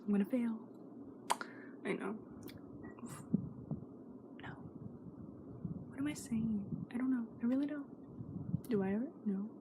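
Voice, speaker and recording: A teenage girl talks straight to her camera in a slightly high voice, rambling nervously and often sinking into a whisper. The recording carries a steady, clearly audible background noise. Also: unhurried, long pauses. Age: teens. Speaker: vlogger. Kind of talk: casual vlog chat.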